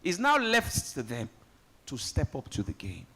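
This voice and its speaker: A man's voice: medium pitch, unhurried, husky. A Nigerian man hosting a live summit, joking with guests and rallying the audience from a conference hall. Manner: lively, joking, rallies the audience. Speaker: event host. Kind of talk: live event emceeing.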